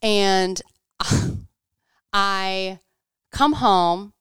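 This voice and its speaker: A woman's voice: mid-range voice, drawn-out words, fairly bright tone, smooth, dry recording. A woman in her thirties in casual chat, telling a story animatedly, acting out quotes and saying "like" a lot.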